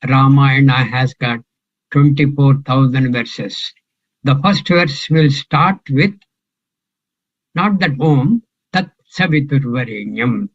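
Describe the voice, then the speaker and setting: A man's voice: mid-range voice, takes it slowly, highs cut off. An older man teaching a scripture class, talking in a musing way and quizzing his students. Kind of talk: scripture class, question and answer.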